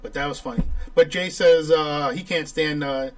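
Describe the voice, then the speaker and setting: Man chatting in a relaxed way. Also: on the high side, moderate pace, low-quality recording. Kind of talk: casual chat.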